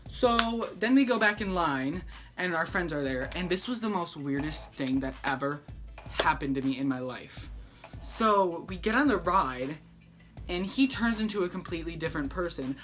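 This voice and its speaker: A man's voice: sits high, animated, normal speed, over music. A young man telling a story in a casual vlog, sassy and dramatic, acting out each person he quotes.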